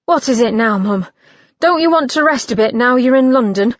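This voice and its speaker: A woman's voice: on the high side, expressive, moderate pace, dry recording, lo-fi sound, lightly acted. A woman voicing a weary older male coachman who grumbles.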